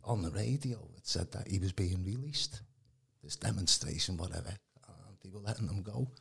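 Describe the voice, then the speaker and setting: A man's voice: low-pitched, normal speed, a bit bright. A man, giving a rambling casual testimony as a podcast guest, full of colloquial fillers. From Birkenhead, England. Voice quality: gravelly, very husky.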